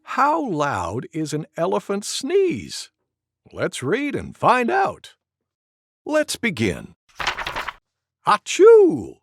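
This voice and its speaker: A woman reading a picture book aloud to toddlers in an animated storytelling voice. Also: lowish voice, slow pace, dry recording. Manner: animated, sing-song.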